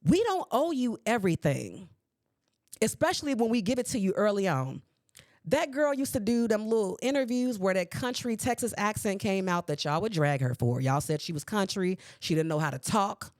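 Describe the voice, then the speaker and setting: A woman in her forties hosting a podcast, ranting at her listeners in a sassy, animated way. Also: medium pitch, moderate pace, no echo, clean studio sound. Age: 40s. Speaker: podcast host. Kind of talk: solo podcast commentary. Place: podcast recording space.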